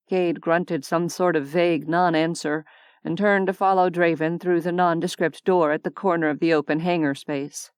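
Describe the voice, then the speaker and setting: A woman narrating a sci-fi romance audiobook in a measured, even storytelling manner, on a close studio mic. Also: deep voice, clear, resonant tone, dry recording.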